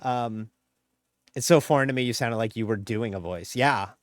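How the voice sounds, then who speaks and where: A man's voice: mid-range voice, normal speed, dry recording. Chatty nasal man streaming. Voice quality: slightly nasal. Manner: rambling, chatty, with many fillers. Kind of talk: casual live-stream chat.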